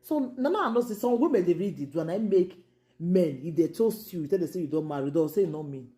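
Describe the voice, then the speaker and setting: A woman's voice: fairly low pitch, lively intonation, quick pace, dark tone. A woman from Nigeria with a Nigerian Pidgin accent, hosting a casual gossip show in an exclaiming, repetitive, incredulous way.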